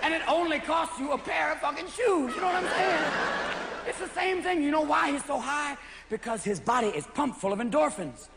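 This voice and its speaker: A man's voice: very high-pitched, expressive, moderate pace, vocal fry, big-room sound. A man doing a live stand-up routine, jumping between manic character voices and sound effects. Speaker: stand-up comedian. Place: comedy stage before a live audience. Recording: loud audience laughter and crowd noise.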